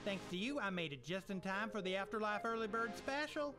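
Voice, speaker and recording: A man's voice: high-pitched, fairly quick, lightly acted. A man voicing a crude, blissed-out dead man in a video game afterlife, with giddy, moaning delivery over game music.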